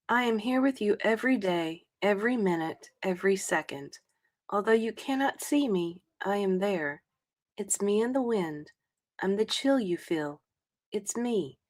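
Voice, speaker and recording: A woman reading a sentimental passage aloud in a soft, tender, measured way. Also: medium pitch.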